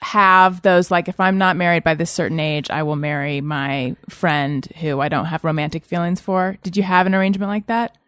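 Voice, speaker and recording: A woman's voice: lowish voice, steady tone, normal speed, few pauses, fairly bright tone, smooth, no echo, studio quality. A woman in her thirties hosting a casual podcast, friendly and teasing with her guests. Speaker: podcast host.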